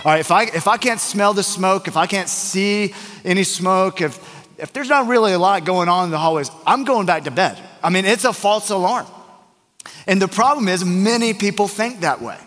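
A man's voice: high voice, normal speed, a bit bright, big-room sound. A man preaching a sermon as a pastor, telling a story in a casual, joking, conversational way. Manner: conversational and joking, acts out quoted voices. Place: church sanctuary.

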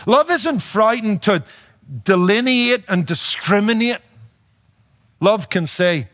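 Male preacher, fairly high voice, noticeable accent, emphatic, rhetorical questions, sermon. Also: lively intonation, slow, pauses often, a bit bright. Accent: non-native to his audience, noticeable. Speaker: pastor and radio preacher.

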